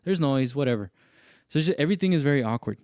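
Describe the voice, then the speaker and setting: A man hosting a podcast, telling a story in casual chat and acting out what other people said in raised, animated voices. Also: mid-range voice, racing, no echo, clean studio sound. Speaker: podcast host.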